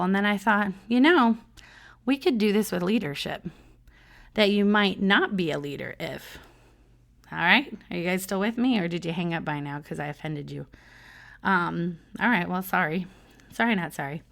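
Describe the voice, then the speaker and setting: A woman's voice: mid-range voice, moderate pace, fairly bright tone. A middle-aged woman hosting a solo podcast, talking casually in a chatty, self-mocking way and laughing often. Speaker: podcast host.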